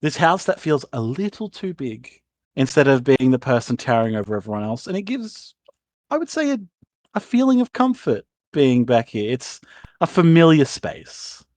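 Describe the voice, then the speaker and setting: A man's voice: medium pitch, big pitch swings, moderate pace, a little mellow, dry recording. A man narrating as game master in a loose, rambling way, swearing casually.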